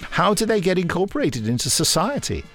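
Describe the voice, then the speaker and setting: A man's voice: high voice, big pitch swings, a little fast, fairly bright tone, faint music behind. A man co-hosting a podcast, reading listener emails aloud and joking as he goes. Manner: jokey, laughs as he reads. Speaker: podcast co-host.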